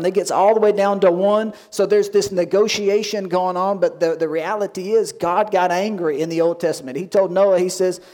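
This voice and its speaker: A man pastor giving a lively sermon, acting out quoted voices and asking the congregation questions. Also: high voice, fairly quick, hardly any pauses. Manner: animated preaching, acts out quoted voices.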